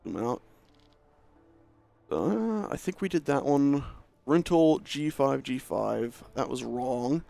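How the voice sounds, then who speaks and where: Gravelly man chatting through a game stream. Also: medium pitch, animated, takes it slowly, pauses often, warm tone, no echo. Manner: chatty, self-mocking, talks to himself while playing. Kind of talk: casual gameplay commentary.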